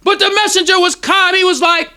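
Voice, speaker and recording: With little pitch movement and a slightly fast pace, a male minister preaches to his congregation in a temple lecture hall. His very high, piercing voice is emotional and sharp, forceful throughout, and he breaks into sudden shouts.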